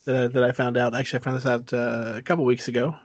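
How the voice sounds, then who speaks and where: A man co-hosting a casual podcast, telling stories in a halting way, full of fillers and restarts. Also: medium pitch, flat delivery, no room sound, highs cut off. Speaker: podcast co-host. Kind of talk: casual chat.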